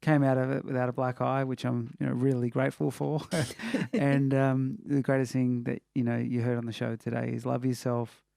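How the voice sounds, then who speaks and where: A man hosts a relaxed interview, his voice very gravelly and dark. He talks in a flat, even tone, with filler words everywhere. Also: mid-range voice, normal speed, no echo. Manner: chatty, many "you know" fillers. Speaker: podcast host. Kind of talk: casual interview chat.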